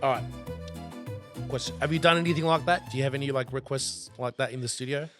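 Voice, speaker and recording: Male podcast host, laid-back slang and swearing, music bed underneath. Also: mid-range voice. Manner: slangy, swearing, quick reactions. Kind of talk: casual chat.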